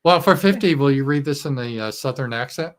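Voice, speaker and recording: A man's voice: medium pitch, expressive, fairly quick. A man hosting a casual livestream chat, rambling with many fillers and restarts. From Arkansas. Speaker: host.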